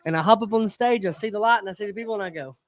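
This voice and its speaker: A man spins a rambling, animated tale on a casual podcast. He slips into other people's voices as he goes. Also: high-pitched, very fast. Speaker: podcast host. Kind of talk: casual storytelling chat.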